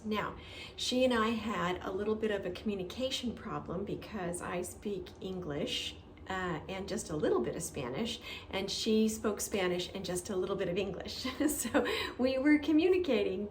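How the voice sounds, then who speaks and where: A woman's voice: mid-range voice, roomy sound, a little hiss or hum. A woman chatting casually as she walks outdoors with a stroller, telling a gardening story with plenty of fillers. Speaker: gardening vlogger. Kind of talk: casual chat.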